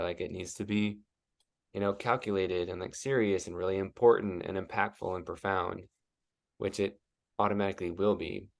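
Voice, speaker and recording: A man's voice: sits low, gravelly. A man as a guest coach in a casual interview, talking loosely and leaning on "like" as he thinks aloud. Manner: rambling, heavy use of "like".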